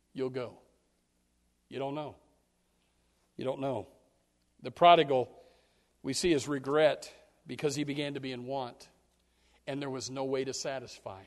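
A man preaching a sermon as pastor, jumping into loud acted quotes and dropping to low, quiet asides. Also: big-room sound.

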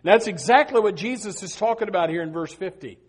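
A male pastor preaching a sermon, swinging between loud emphasis and hushed earnest lines, with many repeated words and restarts. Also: high-pitched, lively intonation, quick pace, breathy edge.

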